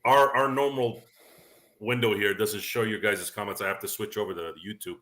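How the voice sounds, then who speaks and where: A man hosting a casual sports show on a livestream. He rambles from one thought to the next and restarts his sentences often. In between, he reads viewer questions out loud. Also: fairly low pitch, steady tone, normal speed. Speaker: podcast host.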